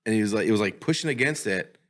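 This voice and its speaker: Bright, lively-voiced man swearing and chuckling. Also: fairly low pitch, very fast. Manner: profane, chuckling, deadpan about an absurd story. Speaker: podcast co-host. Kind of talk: casual comedy podcast chat. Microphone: studio podcast mic.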